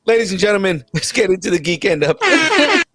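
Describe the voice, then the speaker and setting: A man hosts a pop culture podcast in a fairly high voice, loose and jokey, stumbling through restarts and fillers. The sound is dry and close to the mic. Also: huge pitch swings, fairly quick, bright, forceful tone, dry recording. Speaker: podcast host. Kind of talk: casual chat and show hosting.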